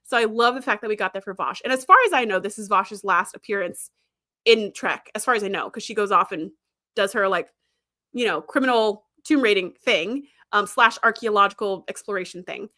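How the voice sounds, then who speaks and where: Her medium-pitched voice is sharp-toned and a little fast as she hosts a casual livestream, reading chat aloud. Chatty and quick to laugh, she retells scenes and acts out quoted dialogue.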